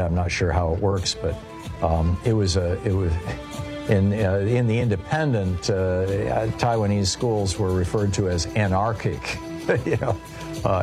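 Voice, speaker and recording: A man hosting a talk radio show, delivering a discursive monologue from a radio studio with many fillers and restarts. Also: low-pitched.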